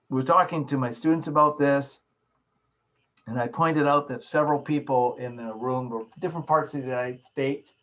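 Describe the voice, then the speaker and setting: A middle-aged man lectures on how to speak in public, in a voice of middling pitch. He shows each technique with his own voice as he explains it, in the manner of an instructor. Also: poor audio. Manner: instructive, demonstrates vocal techniques.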